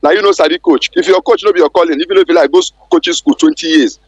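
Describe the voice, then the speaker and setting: A man's voice: a little high, very fast, darkish tone, husky, no room sound, lo-fi sound. A Nigerian man calling a sports radio show, ranting in an irate, insistent way. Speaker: caller. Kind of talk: heated phone-in rant.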